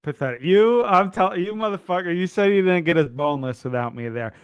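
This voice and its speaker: A man's voice: high-pitched, brisk, smooth, no room sound, dull audio. A man co-hosting a gaming podcast, blunt and profane, teasing his friend in casual chat. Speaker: podcast co-host.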